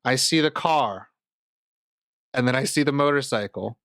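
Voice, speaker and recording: A man's voice: mid-range voice, moderate pace, a bit bright, no echo, studio quality. A man co-hosting a podcast in casual chat, rambling and swearing as he acts out scenes in quoted voices. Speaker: podcast co-host.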